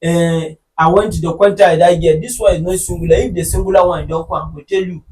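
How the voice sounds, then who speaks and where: High-voiced Nigerian man hosting, animated. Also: fast talker, slight background noise, rough recording. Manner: animated, joking, bursts into shouting. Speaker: podcast host. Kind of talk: casual chat.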